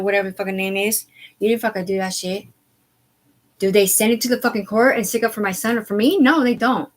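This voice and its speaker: A woman ranting on a live stream, agitated and profane, rambling in disjointed bursts that sink to quiet mumbling. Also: on the high side, a little fast, poor audio. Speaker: livestreamer. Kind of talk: unscripted live stream rant.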